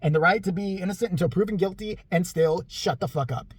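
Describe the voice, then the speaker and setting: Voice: medium pitch, a little fast, breathy edge, no room sound. A vlogger ranting bluntly in commentary, swearing often and sarcastic throughout.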